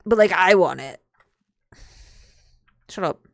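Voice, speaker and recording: A woman's voice: lowish voice, expressive, slow pace, vocal fry, dry recording, studio quality. A young adult woman streaming a game from home, rambling and swearing casually and laughing often as she chats to viewers. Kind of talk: casual gaming stream chat.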